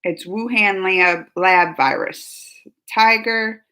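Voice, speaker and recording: This reaction host takes her time, her medium-pitched voice carrying a sharp tone over a rough recording. She chats loosely on her livestream, reads out viewer comments and keeps breaking into laughter.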